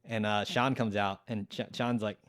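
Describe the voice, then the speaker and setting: A young adult man on a podcast rambles through a profane story in casual conversation, performing the quotes of other people. His voice is on the low side, steady and a bit bright, at normal speed. The recording is dry and studio quality.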